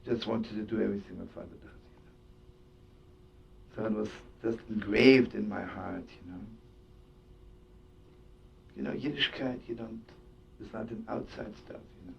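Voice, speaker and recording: A man with a gravelly voice speaks at normal speed in a steady tone, pausing often. As a rabbi and storyteller, he turns his sermon into a story laced with Yiddish and laughter. The recording is lo-fi and dull, sounding distant, with a faint rumble.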